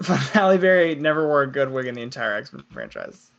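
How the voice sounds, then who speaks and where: A man's voice: mid-range voice, animated, a little fast, gravelly, highs cut off. A young man co-hosting a live podcast, chatting casually, laughing often and reading chat comments aloud. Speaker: podcast co-host.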